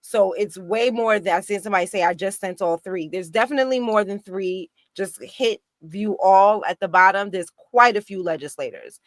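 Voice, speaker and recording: Animated indignant woman, dry close sound. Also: mid-range voice, moderate pace, hardly any pauses, no room sound. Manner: animated, indignant, many restarts. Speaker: guest activist. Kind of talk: casual political discussion.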